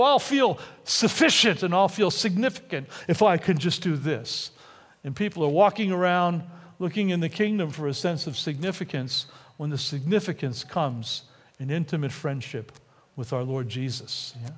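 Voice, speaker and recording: A man preaches a sermon with a high, lively voice that climbs and falls as he acts out the quotes. The sound carries the long reverb of a church sanctuary. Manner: animated, acts out quotes with rising and dropping voice. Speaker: pastor.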